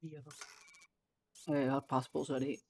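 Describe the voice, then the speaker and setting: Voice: mid-range voice, flat delivery, moderate pace, a little mellow, a little hiss or hum. A streamer, chatting casually while playing, swearing freely and laughing often. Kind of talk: casual gaming chat.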